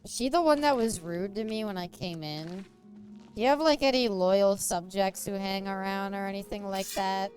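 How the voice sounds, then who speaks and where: A woman streamer chats casually while she plays, giggling often and rambling through crude jokes. Her pitch sits in the middle, with faint game music underneath. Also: normal speed, darkish tone. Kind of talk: casual gameplay chat.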